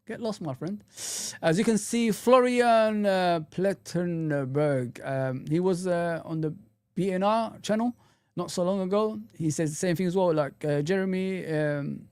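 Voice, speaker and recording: On a streaming setup mic with no echo, a young man hosts a casual livestream, reading viewer comments and chatting loosely in slang. His voice is fairly high with vocal fry and a darkish tone.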